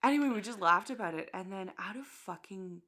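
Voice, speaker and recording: A young woman in casual chat, telling a story in an animated way, acting out quotes and swearing freely. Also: mid-range voice, brisk.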